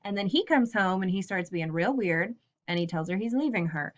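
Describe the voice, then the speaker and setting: A woman's voice: medium pitch, animated, moderate pace, lo-fi sound. A woman teacher giving a casual lesson, recapping a story with playful asides before reading it aloud. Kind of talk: class lesson with read-aloud.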